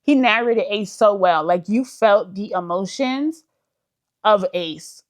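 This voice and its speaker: A woman's voice: mid-range voice, slow pace. Chatty woman book vlogger. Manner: chatty, enthusiastic, uses many fillers like "like"; addresses viewers as "y'all". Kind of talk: casual chat.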